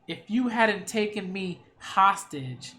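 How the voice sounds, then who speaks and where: A male actor voicing a furious young warrior bent on revenge, shouting bitterly in an anime dub. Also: sits high, expressive, slow pace, heavily acted.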